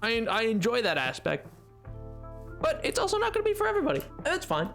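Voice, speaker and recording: A man with a notably high voice streams a game and chats with viewers between moves. He talks in a loose, teasing way, joking back at the chat. Soft music plays faintly under his voice. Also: huge pitch swings, fast, gravelly. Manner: playful, jokey, answers chat while gaming. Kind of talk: casual live-stream chat reading.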